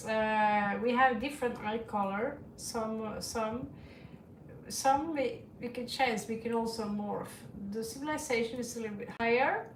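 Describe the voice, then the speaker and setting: A woman's voice: on the high side, a little slow, a little hiss or hum. A woman with a Norwegian accent, reading tarot on a casual livestream, rambling, chuckling and swearing freely. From Norway. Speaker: tarot reader. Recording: echoey room, distant from mic.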